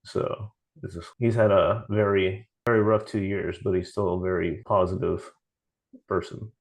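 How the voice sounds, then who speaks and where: Low-voiced man telling stories casually. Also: steady tone, moderate pace, gravelly, low-quality recording. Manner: storytelling, quoting others, frequent restarts. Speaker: podcast host. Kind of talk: casual chat.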